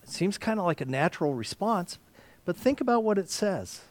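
A man preaching a sermon, dropping to whispers and rising to near shouts as he acts out the story. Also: sits high, very animated, moderate pace. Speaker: pastor.

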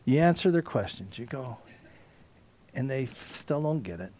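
A man teaching a Bible study, swinging between loud emphasis and hushed asides, with frequent restarts and throat clearing. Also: medium pitch, expressive, moderate pace, slight background noise.

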